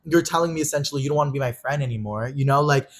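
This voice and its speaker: A man's voice: mid-range voice, racing. A man co-hosting a podcast, telling a heated personal story in casual, profanity-laden chat. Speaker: podcast co-host.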